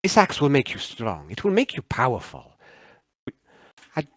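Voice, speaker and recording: A man's voice: medium pitch, wildly swooping pitch, normal speed, dry recording. A man voicing a proud old male warrior who is defiant and unafraid of death, speaking in a solemn, grave way. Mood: pleading.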